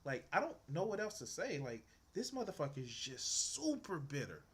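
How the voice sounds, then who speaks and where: Slightly high and sing-song with a breathy edge, this young man's voice moves at a normal speed. He's streaming as he draws, giving casual reaction commentary on a video full of exasperated, profane ranting.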